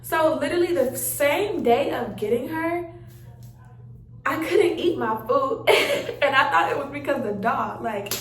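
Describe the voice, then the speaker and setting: A young woman tells a story in a casual, chatty way, acting out her own reactions. Her voice sits high. She sounds a little away from the mic in a roomy space at home. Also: expressive, a little slow, far from the mic. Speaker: vlogger telling a story.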